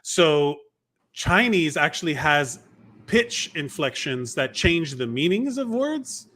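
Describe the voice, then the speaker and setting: Bright-voiced rambling man. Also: fairly high pitch, very animated, slow. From Miami, USA. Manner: rambling, lots of fillers and restarts. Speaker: podcast co-host. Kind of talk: casual chat.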